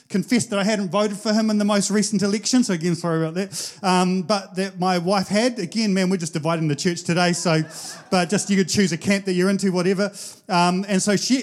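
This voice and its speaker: A man with a New Zealand accent, a pastor telling casual stories in a sermon with lots of fillers. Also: high voice. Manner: casual anecdotal storytelling, chatty with many fillers.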